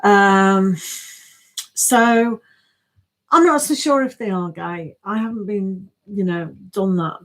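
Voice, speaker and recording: A woman's voice: medium pitch, poor audio. A woman giving a casual tarot reading on a live stream, chatty and thinking aloud, laughing often.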